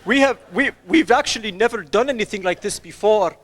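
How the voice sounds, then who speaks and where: High-voiced man with mock-formal patter. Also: brisk, fairly bright tone. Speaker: street performer. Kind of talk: deadpan comedy act. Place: outdoor festival stage.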